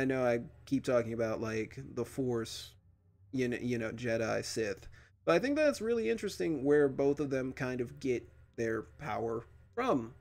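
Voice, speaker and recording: A man hosting a reaction video, casually retelling a cartoon episode with lots of fillers. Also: mid-range voice.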